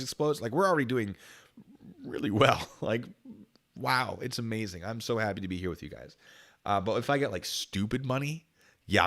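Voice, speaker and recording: A man's voice: on the low side, a bit bright. A man hosting a casual livestream, reading viewer comments aloud in a chatty, jokey way with frequent giggles. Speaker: channel host.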